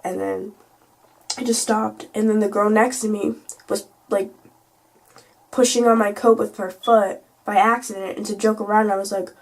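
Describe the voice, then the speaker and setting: A woman's voice: mid-range voice, little pitch movement, moderate pace, a little mellow. A teenage girl telling a casual storytime vlog, chatty and full of "like" and "you know". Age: teens. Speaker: vlogger.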